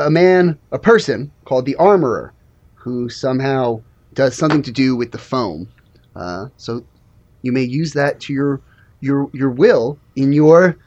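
A game master running a tabletop game, chatting casually and joking between mission briefings. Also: mid-range voice. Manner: joking, rambling with restarts.

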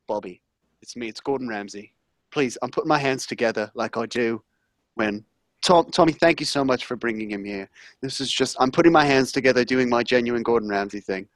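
A man putting on a hushed, earnest celebrity chef who pleads in a low, halting murmur. The sound is dry and close, with no room around it. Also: dry recording, close to an everyday voice. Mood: pleading.

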